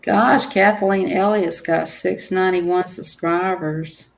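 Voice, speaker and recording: A woman's voice: on the low side, steady tone, slow pace, vocal fry, rough recording. Southern woman host, giggly, chatty, reads out viewer comments on her stream. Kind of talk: casual live stream chat.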